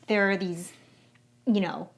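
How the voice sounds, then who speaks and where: Woman co-host, casual and enthusiastic, mid-pitched, loose filler-heavy chat. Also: steady tone, slow, muffled recording. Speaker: podcast co-host.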